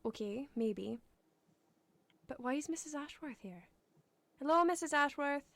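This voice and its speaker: Polite young mother, slightly high voice, dry and close. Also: animated, measured pace, creaky, no echo, heavily acted. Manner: polite and a little wary.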